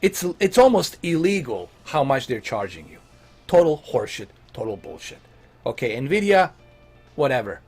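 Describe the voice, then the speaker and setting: Blunt, animated man ranting casually. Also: mid-range voice, moderate pace, husky, soft background music. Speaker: host answering viewer questions. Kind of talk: casual Q&A on tech and games.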